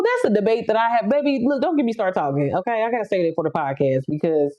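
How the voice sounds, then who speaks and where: A woman, chatting casually and bluntly with viewers on her livestream, laughing often and jumping up high for emphasis. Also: lively intonation, fast, dark tone. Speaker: livestream host. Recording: slightly dull lo-fi audio.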